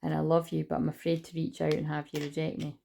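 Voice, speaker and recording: A woman's voice: low-pitched, completely flat delivery, fast talker, vocal fry, warm tone, a little hiss or hum. A young woman giving a casual, rambling tarot reading, chatty and swearing freely. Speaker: tarot reader.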